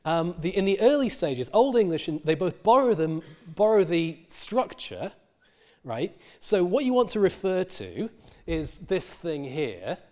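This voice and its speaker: A man's voice: high voice, very animated, a little slow, darkish tone. A middle-aged male university lecturer explaining word history in a recorded lecture, with many fillers and restarts.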